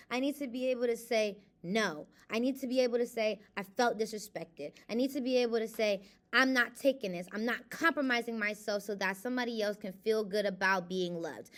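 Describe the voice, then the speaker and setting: A woman's voice: on the high side, fairly bright tone. Candid emotional woman venting to camera. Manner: emotional, candid, shifts between reading aloud and venting. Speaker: vlogger reading and reflecting on a self-help book. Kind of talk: casual confessional vlog.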